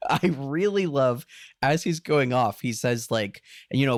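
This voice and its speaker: Animated, swearing podcast co-host. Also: medium pitch, a little slow, no echo, studio quality. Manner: animated, swears a lot, laughs often. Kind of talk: casual chat.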